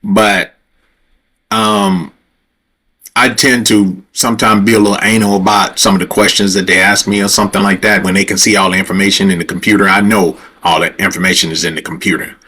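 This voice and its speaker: A man's voice: sits low, little pitch movement, brisk, pushed and bright, husky. A man hosting a livestream, telling a story in a rambling, conversational way straight to his viewers, and growing heated and profane as he retells a confrontation. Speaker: livestream host.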